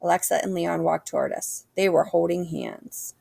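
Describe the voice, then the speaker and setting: A woman reads a children's book aloud in a lively, animated way. Her voice sits low with a gravelly texture, and the recording is dry and close. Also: moderate pace, no echo. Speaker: reader.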